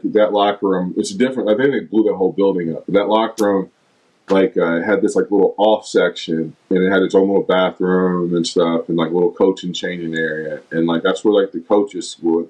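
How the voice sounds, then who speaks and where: Middle-aged man, low voice, retired player guest, lively anecdotal storyteller. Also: brisk, low-quality recording. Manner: animated storyteller, acts out teammates' lines. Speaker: former basketball player, guest. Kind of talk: casual storytelling interview.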